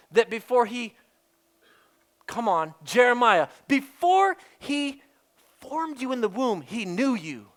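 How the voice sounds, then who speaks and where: Emphatic preacher man, loud then hushed. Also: sits high, animated, moderate pace. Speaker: pastor. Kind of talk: sermon.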